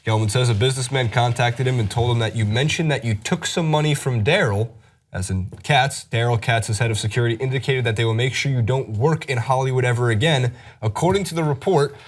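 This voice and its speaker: A man's voice: medium pitch, brisk. A man hosting a sports news chat show, talking through a story in a casual, wry way with lots of fillers. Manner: wry, joking delivery with frequent fillers.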